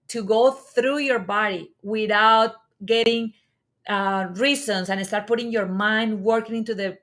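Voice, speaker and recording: A woman hosting a talk show, enthusiastic and animated as she tells stories. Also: on the high side. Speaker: host. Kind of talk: livestream talk show chat.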